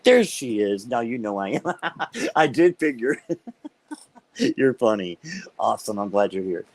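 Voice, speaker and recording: A man's voice: on the low side, very animated, measured pace, slight background noise, rough recording. Chatty man hosting a tarot live stream. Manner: chatty and upbeat, laughs often while talking; talks directly to viewers by name. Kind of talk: casual live-stream chat and card reading.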